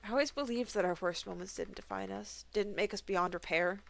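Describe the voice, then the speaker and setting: A woman voicing a resigned young crewwoman who speaks in a soft, low, measured way. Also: creaky, lightly acted.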